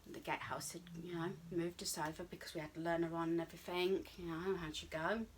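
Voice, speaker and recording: A woman's voice: fairly low pitch, level tone, fast talker, a little hiss or hum. A British woman in her fifties telling a personal story to camera in a rambling, chatty way, with lots of ums and asides and her own thoughts acted out in quotes. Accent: British English. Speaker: vlogger.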